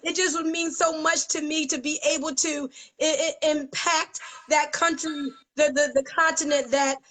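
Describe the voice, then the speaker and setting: An American woman giving a fervent, preacher-like motivational pitch to her business team on a live video, emotional at times. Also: steady tone, normal speed, a bit bright, low-quality recording. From United States. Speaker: network marketing leader.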